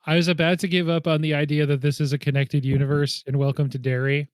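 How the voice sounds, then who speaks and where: A man's voice: a little high, little pitch movement, fast, smooth, no echo, clean studio sound. A man co-hosting a movie podcast, chatting casually and hedging his guesses with self-deprecating laughs. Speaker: podcast co-host.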